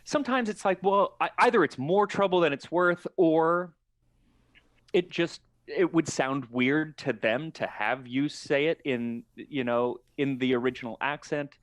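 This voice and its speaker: A man's voice: fairly high pitch, a little slow, no room sound, studio quality. Thoughtful man explaining on a podcast. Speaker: podcast guest. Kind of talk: casual podcast chat.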